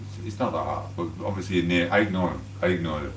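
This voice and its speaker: English bloke, low voice, rambly and sweary, cooking on a live stream, echoey kitchen, phone mic a bit far off, faint hum. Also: male voice, fast talker. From England. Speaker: livestreamer. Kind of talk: casual live-stream chat while cooking. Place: home kitchen.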